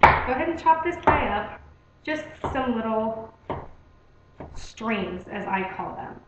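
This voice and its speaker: A woman's voice: on the high side, lively intonation, slow, heavy background noise. A young adult woman hosting a casual home cooking demonstration in her kitchen, chatty and friendly, saying "okay?" and "guys" a lot. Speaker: cooking video host. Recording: echoey, dull home video recording.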